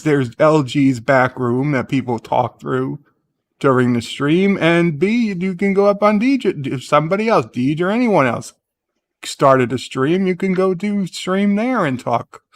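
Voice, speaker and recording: A man hosting a casual morning live-stream, rambling through his thoughts and stopping to read viewer comments aloud. His voice sits a little high for a man. The sound is dry and close. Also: measured pace, no echo. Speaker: host.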